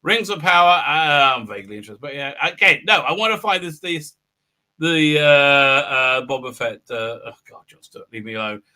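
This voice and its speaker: A man's voice: a little high, animated, moderate pace, pushed and bright. A man hosting a casual review, rambling and irreverent with many fillers. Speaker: show host and reviewer.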